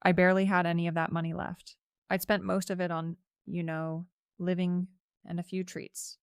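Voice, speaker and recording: A woman's voice: lowish voice, flat delivery, moderate pace, clean tone, no room sound, studio quality. A young woman narrating a first-person story in a casual, chatty way, with lots of "like" fillers.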